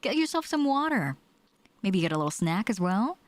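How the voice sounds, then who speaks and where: A woman's voice: normal speed, no echo. Bubbly woman streamer chatting. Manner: bubbly and playful, lively pitch. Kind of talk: casual chat while reading chat.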